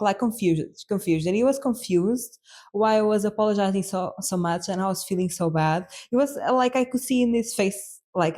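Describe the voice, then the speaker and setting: A woman's voice: mid-range voice, a little mellow. A young woman hosting a podcast, telling a personal story in an earnest, reflective way, full of fillers and restarts. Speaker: podcast host.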